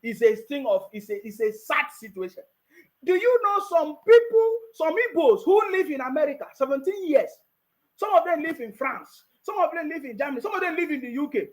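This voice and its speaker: Nigerian man, high voice, casual commentary, mocking, frequent laughter. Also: very animated, fairly quick, low-quality recording. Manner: mocking, laughs often, repeats himself. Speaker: political commentator.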